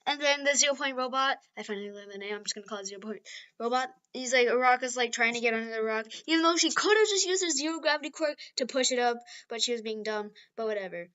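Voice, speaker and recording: A woman's voice: on the high side, quick pace, bright, forceful tone, clear, resonant tone. A woman casually retelling a story, rambling and playful with lots of fillers. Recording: dull lo-fi recording.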